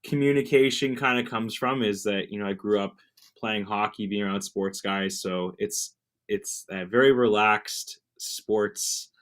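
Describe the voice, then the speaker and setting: A man with a Canadian accent, guesting on a livestream over a video call, chats casually and laughs a lot. His voice is fairly low, steady, and a bit bright, and he speaks unhurriedly.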